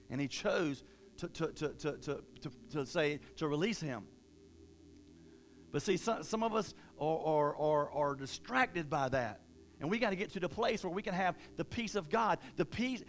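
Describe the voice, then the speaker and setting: A man with a high-pitched voice preaches a sermon in a plain, conversational way. He restarts and repeats words, then rises and gets louder when he drives a point home. A faint hum sits behind the recording.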